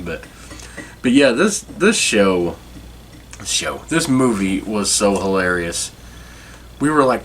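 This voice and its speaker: A man's voice: mid-range voice, sing-song, normal speed, a bit bright, slight background noise. A man in his forties hosting a podcast, chatting casually and rambling with frequent chuckles. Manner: rambling, chuckling, self-correcting. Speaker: podcast host. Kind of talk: casual nostalgic chat.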